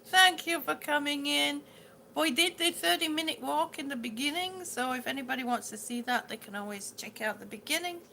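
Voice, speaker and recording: A high-pitched, gravelly middle-aged woman chats live with her viewers in a bright voice. She rambles, repeats herself and trips over words, laughing it off, over a faint background hiss. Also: brisk. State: ringing in the ears, yawning, hungry. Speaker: livestream host reading viewer comments. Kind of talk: casual live chat with viewers.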